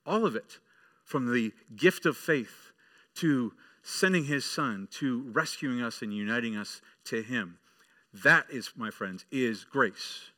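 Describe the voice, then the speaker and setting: A man's voice: medium pitch, takes it slowly, bright, forceful tone. A male pastor preaching a sermon, telling a story to the children and building to emphatic preaching.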